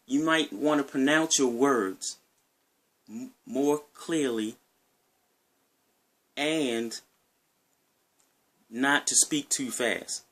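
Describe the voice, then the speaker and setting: A man's voice: medium pitch, fairly bright tone. A man with a Maryland accent talking casually to his viewers in a rambling, conversational way, often repeating himself. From Maryland, USA. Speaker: gaming vlogger. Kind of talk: casual talk to camera.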